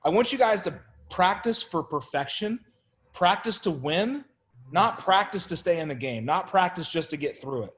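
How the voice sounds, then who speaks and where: Male sales coach, high voice, lively and pushy with the room. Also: moderate pace. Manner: animated, coaxing, calls out to the room. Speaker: sales trainer. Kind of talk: energetic group coaching session.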